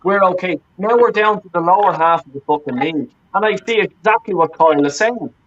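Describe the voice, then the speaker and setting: A man with a fairly high voice rants on a football fan panel, swearing and circling back over his points. The sound is dull and lo-fi, like call audio. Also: fairly quick, fairly bright tone. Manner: profane, ranting, repeats himself.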